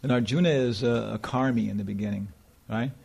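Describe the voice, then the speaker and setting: A man's voice: medium pitch, fairly quick, gravelly, a little mellow, slightly rough. A man giving an informal scripture talk and taking questions, rambling and chuckling with lots of "you know". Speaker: spiritual teacher.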